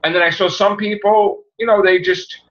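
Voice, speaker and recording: A man hosting a casual podcast, telling stories in an animated way and acting out the people he quotes. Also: high-pitched, normal speed. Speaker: podcast host. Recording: muffled lo-fi audio.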